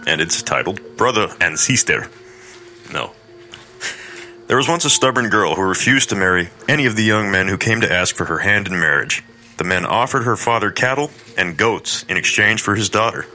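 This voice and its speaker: Deep-voiced crude comedic male storyteller. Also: lively intonation, fairly quick, pushed and bright, faint music behind. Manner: irreverent, crude asides and mock voices. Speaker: podcast host and narrator. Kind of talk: comedic horror story narration.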